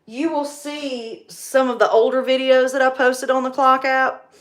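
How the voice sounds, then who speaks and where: A chatty woman from North Carolina talks to her viewers on a livestream, her easy and relaxed. Her voice sits a little high, and she tells her stories in an animated way and laughs easily. She sounds like she is in her forties. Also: unhurried. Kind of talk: casual livestream chat.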